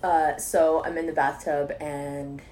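A woman in casual chat, telling a story with animated bursts of laughing shouts. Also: low voice, takes it slowly.

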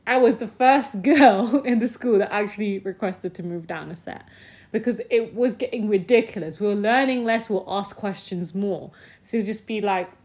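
A young woman, telling personal stories in a casual, animated way with frequent laughs. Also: medium pitch, normal speed. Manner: chatty and animated, with frequent laughs and acted-out quotes. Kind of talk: casual storytelling to camera.

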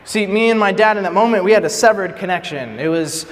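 A young man preaching to a youth group, telling a story and acting out the quotes in a lively way. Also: high-pitched, fast talker. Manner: animated storyteller, acts out quotes. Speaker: youth speaker. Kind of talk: storytelling sermon. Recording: reverberant hall with faint ambience.

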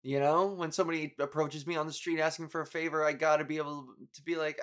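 A man's voice: a little high, level tone, fast talker, few pauses, a bit bright. A young man hosting a podcast, rambling through a story in a profane, self-mocking way with bursts of exasperation. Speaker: podcast host. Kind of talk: casual podcast monologue.

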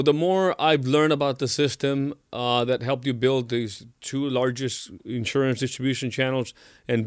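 A man's voice: mid-range voice, no room sound. Man interviewing, dry close sound. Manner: thoughtful, hesitant with fillers. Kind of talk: conversational interview.

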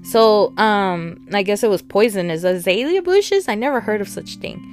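A chatty woman rambles through a TV episode recap, slipping into the characters' lines as she goes. Her voice sits at a middle pitch, with soft guitar music playing faintly behind her. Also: animated, moderate pace. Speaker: TV show reviewer. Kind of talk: casual recap and review.

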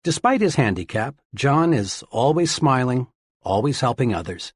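A man giving a steady, earnest reading of scripted self-help narration, in the manner of an audiobook narrator. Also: mid-range voice, normal speed, slightly rough, no room sound, clean studio sound.

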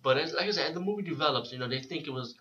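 A man talks through a film review in a loose, rambling way, stopping and restarting his sentences. His voice has a bright, forward edge. The recording sounds dull and lo-fi. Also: fairly high pitch, very fast. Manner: rambling, with frequent restarts and filler words. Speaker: movie reviewer. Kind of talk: casual spoken film review.

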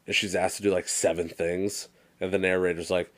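A young man co-hosting a podcast in casual chat, an animated storyteller who swears freely and acts out movie quotes. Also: low voice, fairly quick. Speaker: podcast co-host.

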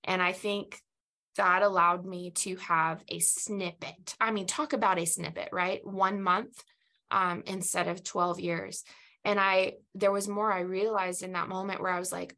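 A woman's voice: lowish voice, a little slow. A woman hosting a podcast, telling a personal story in casual chat and acting out the dialogue she quotes. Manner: animated, acts out quoted dialogue. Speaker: podcast host.

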